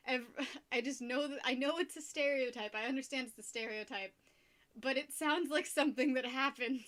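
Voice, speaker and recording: Chatty bright-voiced young woman. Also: a little high. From United States. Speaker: streamer. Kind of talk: casual chat with viewers while painting.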